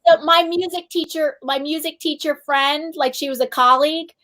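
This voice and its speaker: High-voiced chatty woman host. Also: steady tone, normal speed, sharp tone. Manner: rambling storyteller, raises her voice when heated. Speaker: livestream host. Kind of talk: casual chat.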